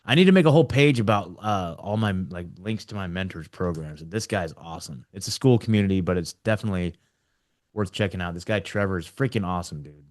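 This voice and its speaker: A young adult man, a podcast host, runs a casual roundtable chat in a low-pitched voice at a quick pace. He rambles and laughs, restarting often and frequently saying "like" and "dude."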